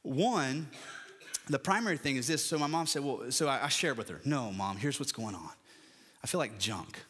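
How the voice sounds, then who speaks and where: Middle-aged guy preaching, bright forceful voice, gets loud and lively on the big points then drops into storytelling. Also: medium pitch, moderate pace. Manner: animated preaching, rising emphatic lists, personal storytelling. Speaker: pastor. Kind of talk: sermon.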